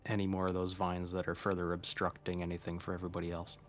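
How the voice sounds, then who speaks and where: Man, tabletop player, low voice, hesitant, lots of ums. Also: completely flat delivery, fast talker, faint music behind. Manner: hesitant, many ums and uhs. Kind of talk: casual tabletop play.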